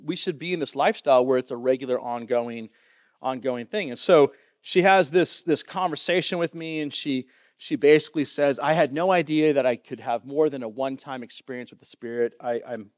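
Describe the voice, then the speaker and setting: Conversational pastor preaching a sermon. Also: male voice, medium pitch, no room sound, clean studio sound. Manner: conversational, asks the room questions, many fillers.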